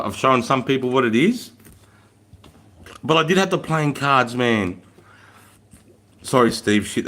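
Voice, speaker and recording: A man's voice: medium pitch, a bit bright. An Australian man in his thirties hosting a live stream, chatting casually, reading out comments and telling army stories with plenty of slang and swearing. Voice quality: laid-back, swears freely, lots of Aussie slang. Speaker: livestream host.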